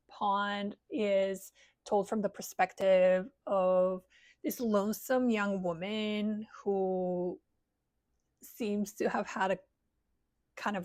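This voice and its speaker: A woman's voice: medium pitch, a little mellow, no echo. Gushing woman talking books, dry sound. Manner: enthusiastic, gushing, loose and rambling. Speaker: book reviewer. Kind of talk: casual book recommendation vlog.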